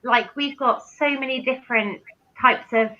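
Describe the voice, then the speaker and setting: A woman's voice: high-pitched, normal speed, highs cut off. A woman with a British accent in a casual group chat on a video call, eagerly asking curious questions.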